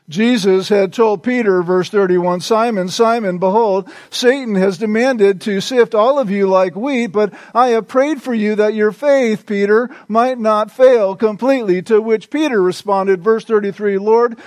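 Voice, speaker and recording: Man, pastor, sermon, slow and measured delivery, fairly high voice, dry close sound. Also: no echo. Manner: slow, deliberate preaching with emphatic repetition.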